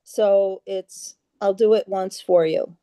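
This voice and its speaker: A woman guides a group through a meditation over a video call, speaking slowly with a mellow, soft tone. She is patient and halting, full of little fillers, and chants her mantras in an even monotone. The sound is dry and close. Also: medium pitch, dry recording. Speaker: yoga class leader.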